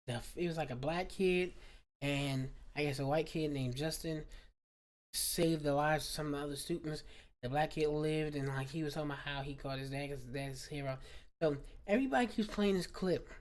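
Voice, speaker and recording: Rambling chatty woman vlogger. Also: low-pitched. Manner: chatty, digressive, talks straight to viewers. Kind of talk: casual rambling commentary. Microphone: studio microphone.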